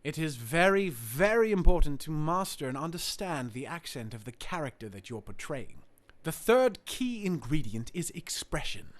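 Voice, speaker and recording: A man from Australia explaining voice acting in a formal, deliberate scripted tutorial. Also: a little high, sing-song.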